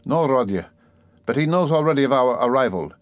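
Brief: man playing a fretful, tearful mother, pleading and timid, pitched up. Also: animated, fairly quick, no room sound, close to an everyday voice. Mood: anxious. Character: anxious tearful middle-aged mother.

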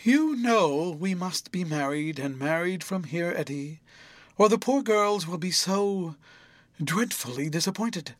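A man voicing a sweet, childish young schoolgirl who talks in a lilting, playful way with sudden high bursts. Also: big pitch swings, normal speed, no echo. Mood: girlish, playful.

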